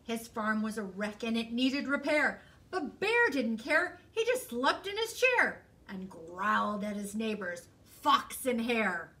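A woman librarian reading a picture book aloud to children in an expressive, sing-song storytelling voice. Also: a little high, slow pace, few pauses, distant mic. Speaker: school librarian.

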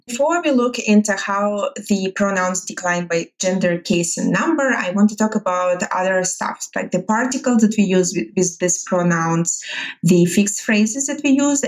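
A woman with a Russian accent, a native Russian speaker, teaching a language lesson. She speaks slowly and carefully, repeating each Russian word and then translating it. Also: fairly low pitch.

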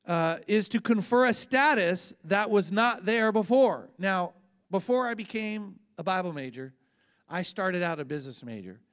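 A man in his fifties, a pastor preaching in a relaxed, conversational way with personal stories and repeated words. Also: high voice. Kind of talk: conversational sermon teaching.

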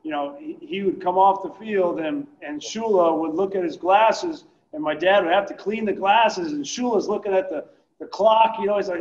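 High-voiced man telling a story, lo-fi. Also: normal speed. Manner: animated storyteller, repeats words. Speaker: guest broadcaster. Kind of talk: interview anecdote.

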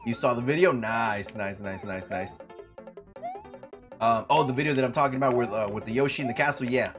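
A young man streaming a retro game, chatting casually, swearing a lot and breaking into loud outbursts, saying he is sleepy. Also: mid-range voice, a little fast, music in the background. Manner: profane, rowdy, loud outbursts and laughing.

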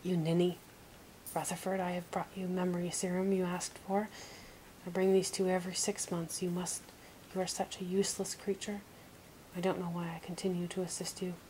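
A woman's voice: fairly low pitch, little pitch movement, moderate pace, mellow, a little hiss or hum, lightly acted, rough recording. A woman voicing a grumpy, scornful little male troll in a nasal, barking manner, as whispered role-play. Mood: sneering. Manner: barking, bossy, sneering.

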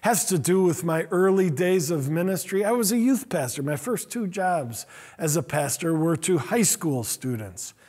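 A man's voice: fairly high pitch, expressive, normal speed, darkish tone, breathy edge. A middle-aged man, a pastor, telling a story in a sermon in an earnest, self-deprecating way. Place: church sanctuary.

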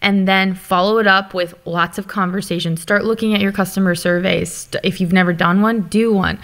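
A woman speaking as a guest founder, telling candid business stories in an animated, open way. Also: medium pitch. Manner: animated, open, quick to laugh. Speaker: guest, company founder and author. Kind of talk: candid conversational storytelling.

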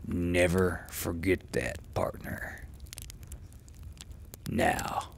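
A man reading aloud voices a cold, menacing young gunslinger, speaking slowly in a hushed whisper. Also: deep voice, very animated, gravelly, a little hiss or hum, full character voice. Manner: slow, quiet threatening delivery.

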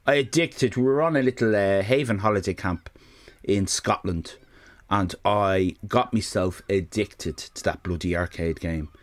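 A man's voice: lowish voice, unhurried. A man streaming live, telling a rambling, profane comic story and interrupting himself often.

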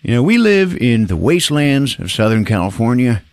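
A man voicing a crowd of crude, excited male villagers in a loud, high, jokey voice. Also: moderate pace, no echo, studio quality.

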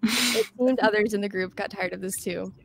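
A woman chats over a video call in a gravelly voice. She hesitates and restarts often and laughs her way through the story. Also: medium pitch, normal speed, background noise. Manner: hesitant, many fillers and restarts, laughs while talking. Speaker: podcast guest. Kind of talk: casual chat.

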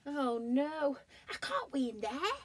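A woman's voice: sing-song, slow pace, a little hiss or hum, heavily acted. Alan, a woman doing a desperate little bear. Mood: pleading. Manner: high squeaky pleading voice. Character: desperate little boy bear, fidgety and pleading.

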